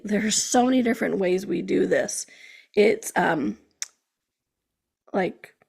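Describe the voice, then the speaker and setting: Her voice is a little high, marked by a heavy gravelly fry, as she runs her own podcast. The talk is a loose, chatty, animated motivational monologue, peppered with frequent "okay?" check-ins aimed at her listeners.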